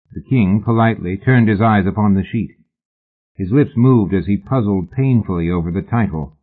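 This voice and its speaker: Man, audiobook narrator, measured storytelling, husky voice, thin phone-line sound. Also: lowish voice. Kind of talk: scripted narration.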